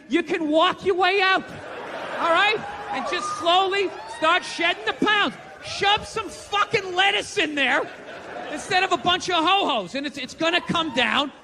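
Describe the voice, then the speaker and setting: A man's voice: extremely high pitch, in a large hall, a little hiss or hum. Ranting man doing stand-up comedy. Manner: ranting, profane, shouting punchlines.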